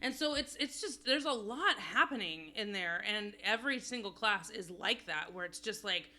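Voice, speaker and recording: A woman's voice: mid-range voice, lively intonation, moderate pace, sharp tone. A woman co-hosting a podcast, chatting candidly and rambling in a self-deprecating way. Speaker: podcast co-host. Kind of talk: casual chat.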